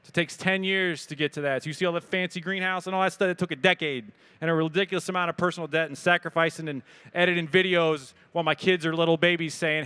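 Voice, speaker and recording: This is a man, giving a live talk at an expo and fielding questions from the crowd. His voice sits high, bright and very clear. He talks casually and with lots of energy, cracking jokes. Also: fairly even intonation, quick pace, hardly any pauses. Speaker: speaker answering audience questions. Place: event hall with audience.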